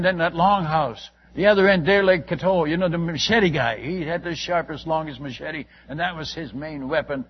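An older man telling a long, folksy story about his missionary work in a rambling, casual way, full of restarts and asides. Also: fairly high pitch. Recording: muffled lo-fi recording with faint hiss.

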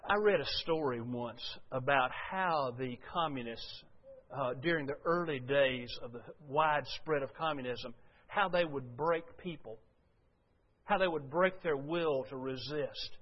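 An older man preaching a sermon as pastor, telling folksy stories and swinging from loud to quiet. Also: medium pitch, a little slow. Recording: dull lo-fi sound.

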